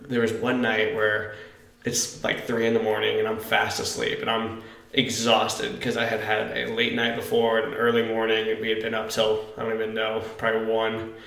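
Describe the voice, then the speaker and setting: A man co-hosting a chat show tells a story with energy and shouts out the quoted lines. His voice has a gravelly edge. He sounds roomy, recorded in a church basement. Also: fairly low pitch. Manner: animated storyteller, acts out quotes loudly. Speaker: podcast co-host, youth pastor. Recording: echoey basement room.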